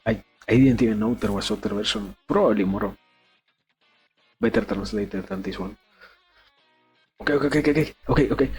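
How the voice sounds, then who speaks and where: A man's voice: on the low side, a little fast, pauses often, darkish tone, faint music behind. Laughing male streamer. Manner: laughing, swearing, joking asides. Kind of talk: casual reading stream with commentary.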